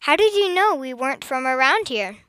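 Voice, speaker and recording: A woman voicing an eager, soft-hearted young girl who pleads and exclaims. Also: sits high, fairly quick, no echo, studio quality, voice pushed up, exaggerated voice. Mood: surprised. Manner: pleading, excited.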